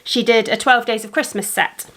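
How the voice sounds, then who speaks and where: A woman's voice: a little high, fairly even intonation, normal speed, a bit bright. A woman hosting a crafting podcast, chatting to camera in a rambling way with lots of ums. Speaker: crafting podcast host and yarn dyer. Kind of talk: casual chat to camera. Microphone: camera facing the speaker.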